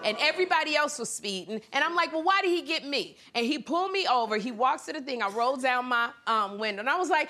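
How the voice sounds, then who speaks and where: High-voiced woman hosting a comedy monologue. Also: fast, few pauses. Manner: animated, laughing, jumps into high-pitched impressions. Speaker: talk show host. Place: television studio with live audience. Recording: studio audience cheering and noise behind.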